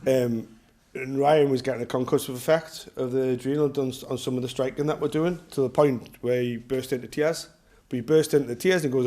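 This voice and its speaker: A man's voice: medium pitch, fairly even intonation, brisk, mellow. A middle-aged man with a Geordie accent, a self-defence instructor telling rambling, jokey stories to his class. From North East England. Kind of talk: casual class talk with anecdotes.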